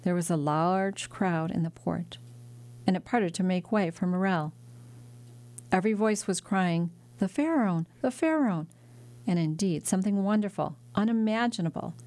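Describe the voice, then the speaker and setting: A woman narrates a classic novel as an audiobook. Her voice sits a little low. She reads in a measured, dramatic way. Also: steady tone, a little mellow. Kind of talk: scripted narration.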